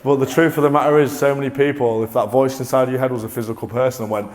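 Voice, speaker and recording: A man presenting a motivational talk to a live audience, energetic and coaxing, often restarting mid-sentence. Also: mid-range voice, racing. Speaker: corporate presenter.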